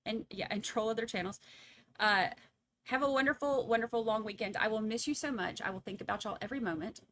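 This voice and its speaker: Bright-voiced chatty woman streamer. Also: a little high, fast talker, a little hiss or hum. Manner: rambling, chatty, addresses viewers as y'all. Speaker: livestream trial commentator. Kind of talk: casual livestream sign-off chat.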